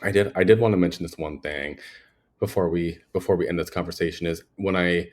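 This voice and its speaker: A man's voice: low-pitched, steady tone, brisk. A young man hosting a podcast, talking earnestly in a personal monologue, rambling with lots of fillers. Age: young adult. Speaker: podcast host.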